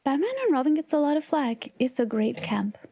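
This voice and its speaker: A woman's voice: sits high, lively intonation, fairly quick, mellow, no echo. A woman hosting a livestream, chatting casually and playfully with viewers, often giggling and sometimes dropping to a whisper. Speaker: livestream host.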